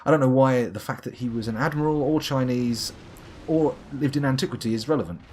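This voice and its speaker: This is live gameplay commentary from a UK man who rambles and hams it up, swearing and chatting to the boss. He speaks at a brisk clip in a mid-range, slightly mellow voice, and there's a faint hiss or hum.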